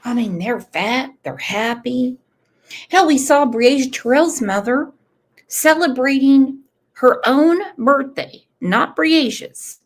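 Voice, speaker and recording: Slow-talking congested woman host. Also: high voice, animated. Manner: blunt, outspoken, with emotional asides. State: has a cold, congested. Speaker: true crime channel host. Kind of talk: casual livestream commentary, reading chat.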